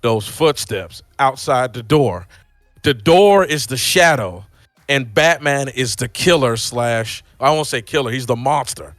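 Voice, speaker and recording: Male co-host, lively movie chat, mid-pitched, dry studio voice. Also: measured pace, no echo. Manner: excitable, animated storytelling. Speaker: podcast co-host. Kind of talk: casual movie review chat.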